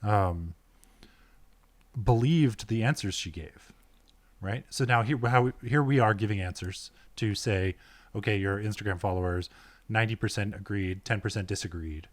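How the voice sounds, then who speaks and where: Male author as podcast guest, low-ish voice, inquisitive and reflective, dry close recording. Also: normal speed, no room sound. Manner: inquisitive, thoughtful, questioning. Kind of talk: casual conversation.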